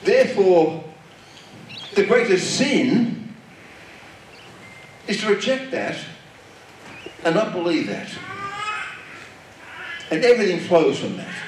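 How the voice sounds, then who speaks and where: A man's voice: fairly high pitch, a little hiss or hum. A man preaching a sermon, with an emphatic, repetitive cadence. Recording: echoey hall, distant mic.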